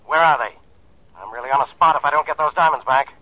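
An actor in an old radio drama playing an exasperated police inspector under pressure. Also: male voice, on the high side, no room sound, natural voice. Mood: harried. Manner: exasperated, quick to complain. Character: harried male police inspector, flustered and grumpy. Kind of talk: 1940s radio acting. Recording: dull old radio broadcast.

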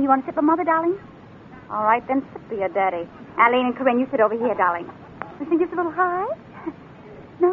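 A fussy giggling mother. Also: sits high. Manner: chattering, scolding, giggling between lines. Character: fussy chatty mother with nagging laugh. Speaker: comic performer. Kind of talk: 1930s radio comedy monologue. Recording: scratchy tinny old radio recording.

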